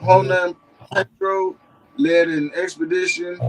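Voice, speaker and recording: A man with a Tennessee accent showing off maps and artifacts in a casual vlog, animated and emphatic, breaking into shouts. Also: sits high, slow, poor audio. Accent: Southern US, Tennessee. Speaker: history vlogger. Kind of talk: excited casual show-and-tell.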